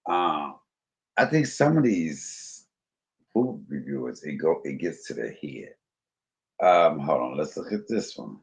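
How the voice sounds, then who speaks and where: A man hosts a stream in a very low voice that still rises and falls a lot. He muses aloud with plenty of "um"s while browsing clips. His delivery is loose and conversational. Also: sing-song, slow pace, gravelly. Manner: musing, chatty, filler-heavy. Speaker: stream host. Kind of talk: casual commentary while browsing videos.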